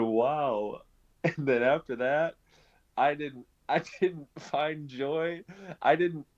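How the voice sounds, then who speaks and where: A young man telling his conversion story in casual conversation, animated, laughing often and restarting his sentences. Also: mid-range voice. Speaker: guest sharing his conversion testimony. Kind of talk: conversational personal testimony. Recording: dull lo-fi sound.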